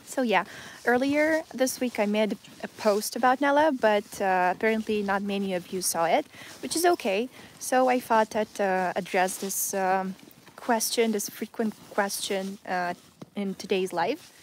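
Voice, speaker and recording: A woman's voice: mid-range voice, a little slow, slight background noise. A woman, slightly sick, chatting casually on a live stream outdoors in the snow, cooing and calling to her dogs between rambling asides. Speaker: vlogger hosting a live Q&A. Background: dogs playing in snow.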